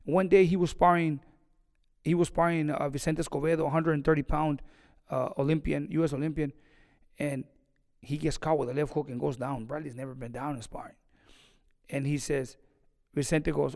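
A boxing trainer telling a story in an interview, animated and acting out the conversations he recalls. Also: a little high, moderate pace, pauses often, long reverb tail.

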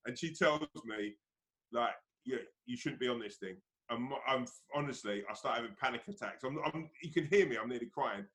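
A man telling stories in casual chat, sweary and animated. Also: medium pitch, moderate pace, slightly rough.

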